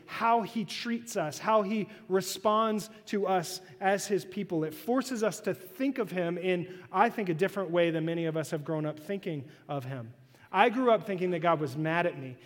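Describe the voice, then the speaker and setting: Young male pastor, earnest conversational preacher with a high voice, long hall reverb. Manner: earnest, conversational, pleading softly. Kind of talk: sermon.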